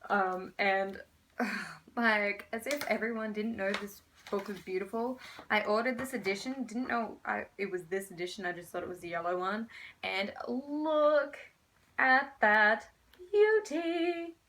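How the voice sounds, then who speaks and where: A young woman talks casually into her phone camera, rambling and gushing with excitement. She sits at a middle pitch, neither high nor low. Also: moderate pace, slight background noise. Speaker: book vlogger. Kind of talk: casual book haul chat.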